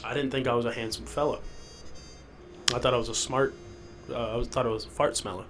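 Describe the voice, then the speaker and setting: A man's voice: medium pitch, fairly even intonation, fast, noisy background. A sick young man with sniffles hosting a rambling solo podcast from a basement, loopy and self-deprecating. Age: young adult. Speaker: podcast host. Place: rented house basement.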